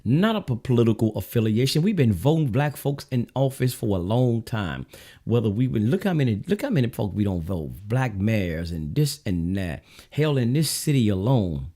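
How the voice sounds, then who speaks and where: A man's voice: medium pitch, sing-song, normal speed, dark tone. A man with a Southern US accent hosting his own show, giving a blunt, preachy political monologue straight to his viewers. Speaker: show host.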